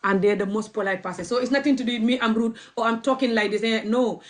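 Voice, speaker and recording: A woman's voice: a little high, quick pace. Blunt, fiery woman ranting to camera. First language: not English. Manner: blunt, repetitive, stubborn. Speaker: activist vlogger. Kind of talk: impassioned rant to camera.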